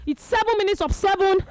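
A woman doing live radio football commentary, excitable, thinking aloud and rising to shouts at big moments. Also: extremely high pitch, normal speed, no echo.

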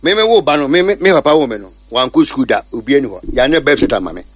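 A man's voice: mid-range voice, animated, racing, breathy edge, dry recording. A man with a Ghanaian accent on a talk show, telling stories animatedly and often repeating his words.

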